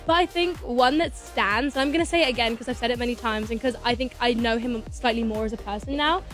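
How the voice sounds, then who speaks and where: A woman's voice: a little high, quick pace, fairly bright tone, soft background music. A young woman, a singer chatting as a guest in a studio interview, bubbly and gushing. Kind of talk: casual interview chat.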